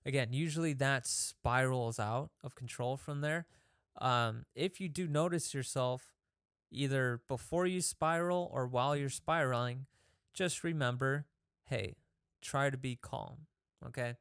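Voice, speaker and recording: Male fitness host, smooth voice, dry close sound, casual coaching tone that acts out inner thoughts. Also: mid-range voice, unhurried, fairly bright tone, no room sound. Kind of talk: casual motivational talk.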